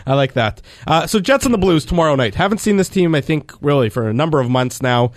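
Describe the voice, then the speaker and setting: A man's voice: on the high side, animated, quick pace, no room sound, studio quality. A man hosting a sports radio show, talking in a casual, easygoing, chatty way.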